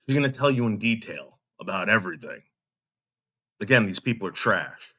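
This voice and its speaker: A man's voice: on the low side, animated, moderate pace, sharp tone, slightly rough. A man giving blunt, scornful commentary on a clip and addressing its subject directly. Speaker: commentary streamer reacting to a clip. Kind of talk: reaction commentary.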